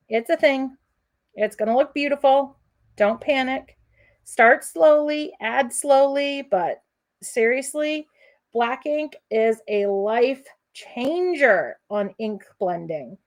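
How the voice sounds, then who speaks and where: A woman's voice: fairly high pitch, a little mellow. A woman hosting a live crafting demonstration, chatty and encouraging, addressing viewers as friends. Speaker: crafting host.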